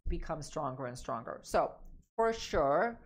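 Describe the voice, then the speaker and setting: A woman's voice: deep voice, expressive, measured pace. A woman relationship coach giving emphatic, direct advice, repeating her key points. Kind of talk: advice talk to camera.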